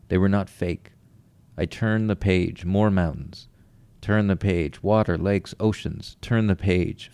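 A man calmly narrating a first-person story in a measured, plain way. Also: low voice, vocal fry, no room sound.

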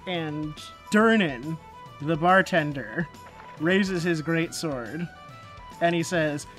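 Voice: mid-range voice, slow, a bit bright, faint music behind. A game master narrating a tabletop game casually, laughing often and using filler words.

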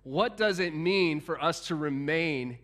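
A man preaching a sermon in a conversational, animated way, with frequent restarts and asides to the congregation. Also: on the high side, unhurried. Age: adult, past teenage years. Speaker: pastor.

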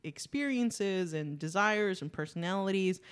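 A woman's voice: mid-range voice, a little slow, smooth. A woman co-hosting a casual chat, swearing freely and laughing often. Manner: profane, laughing, animated impressions.

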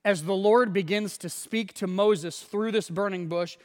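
High-voiced male pastor in a reverberant hall. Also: a little slow. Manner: conversational storytelling, retells scenes in casual voices. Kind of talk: sermon.

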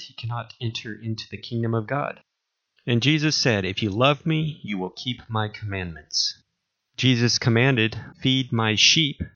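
Low-pitched guy reading verses slow and solemn, muffled lo-fi recording. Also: fairly bright tone. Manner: measured, solemn recitation. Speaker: preacher. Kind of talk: reading scripture aloud. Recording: dull lo-fi recording.

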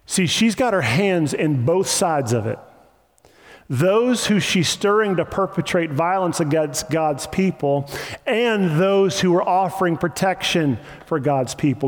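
Man preaching in a reverberant hall. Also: high voice. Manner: impassioned, emphatic repetition. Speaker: pastor. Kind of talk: sermon.

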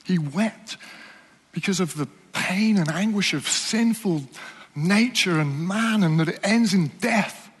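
Male preacher, high voice, earnest, asks the room questions, long hall reverb. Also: breathy edge. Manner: earnest, questioning, drops to soft slow emphasis. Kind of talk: sermon.

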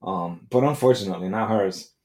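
Brash, profane man with a lowish voice. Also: a little fast, darkish tone, echoey room. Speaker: podcast host. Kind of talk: comedic monologue.

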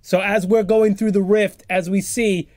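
A man co-hosting a podcast, excitedly improvising a comedic story and firing off rapid questions. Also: high voice, no echo, clean studio sound. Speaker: podcast co-host.

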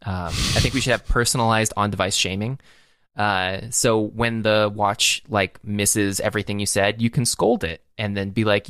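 A man's voice: lowish voice, steady tone, normal speed, a bit bright, clear, resonant tone, dry recording, studio quality. A man co-hosting a podcast, chatting casually about tech, rambling with many fillers and restarts. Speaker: podcast co-host.

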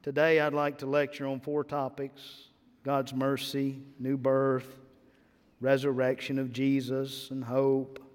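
A man's voice: medium pitch, takes it slowly, in a large hall, pitched below the performer's own voice, natural voice. A man voicing a bored, boring male college professor who drones through a lecture outline. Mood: droning. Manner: flat, droning lecture delivery.

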